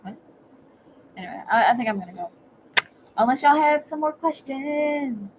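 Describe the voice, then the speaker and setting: A woman giving a casual livestream tarot reading. She talks in a chatty, halting way, repeating words and often checking in with viewers by asking "okay?". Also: high voice, lively intonation, background noise. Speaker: tarot reader.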